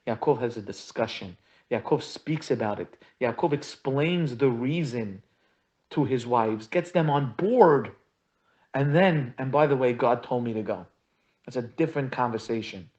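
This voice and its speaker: A man's voice: medium pitch, unhurried. Rabbi guy teaching a marriage class, acts out the dialogue, kinda dull lo-fi sound. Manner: expressive, acts out quoted conversations, repetitive emphatic phrasing. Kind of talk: animated Torah lesson with acted-out dialogue. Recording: dull lo-fi audio.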